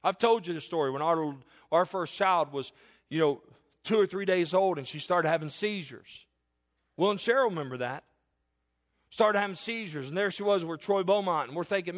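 During a sermon, a middle-aged male pastor shares a personal story earnestly, rising to emphatic declarations and then dropping to hushed tones. His voice is high and his speed normal.

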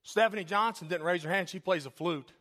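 A man preaching in a church, joking with the congregation, calling on people by name, then dropping into a soft, earnest tone. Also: high-pitched, fairly quick. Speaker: pastor. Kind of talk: sermon. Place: church sanctuary.

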